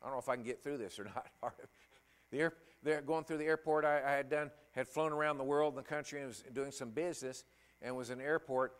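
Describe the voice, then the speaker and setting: A middle-aged man preaching a sermon and telling a personal story, halting and emotional, with many restarts. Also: medium pitch, smooth.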